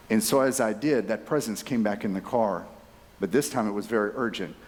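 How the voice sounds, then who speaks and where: A man, giving a conference keynote as a lively storyteller who speaks straight to his audience. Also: lowish voice, a little fast. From Texas. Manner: animated, chatty, addresses audience directly. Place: conference hall. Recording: reverberant conference hall.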